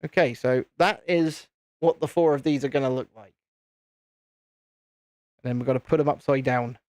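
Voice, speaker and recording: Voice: mid-range voice, normal speed, a little mellow, dry recording, clean studio sound. A host chatting casually on a live stream while building, rambling and repeating phrases.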